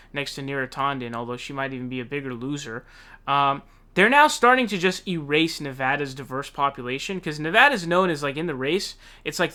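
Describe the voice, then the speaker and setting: A man's voice: mid-range voice, sharp tone, clean tone. A man hosting a political commentary show, ranting casually in a heated, profane, slangy way.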